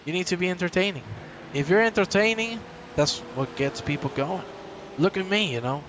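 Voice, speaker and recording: A man giving live sim racing commentary, energetic and joking with his co-host between race calls. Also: high voice, normal speed, a little hiss or hum.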